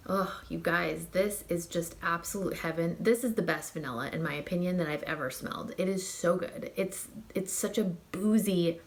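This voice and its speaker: A woman's voice: lowish voice, steady tone, brisk, gravelly, hardly any pauses. A young woman reviewing perfumes in a casual, gushing, filler-heavy chat. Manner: gushing and chatty, many fillers and likes. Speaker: fragrance reviewer.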